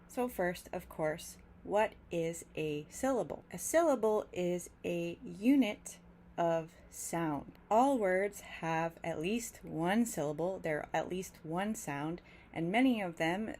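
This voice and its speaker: Woman, English pronunciation teacher, lowish voice, careful drawn-out example words, faint background hiss. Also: darkish tone. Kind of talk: clear, slow teaching explanation.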